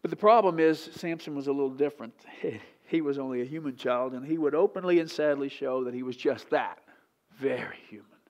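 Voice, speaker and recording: A male pastor preaching a sermon in church, animated and often questioning the congregation directly. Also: mid-range voice, brisk, few pauses, lo-fi sound. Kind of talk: sermon teaching.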